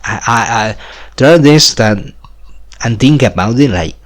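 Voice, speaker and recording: A man's voice: mid-range voice, animated, measured pace. A man in his twenties talking in a rambling monologue, repeating "like" and chuckling between phrases. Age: 20s.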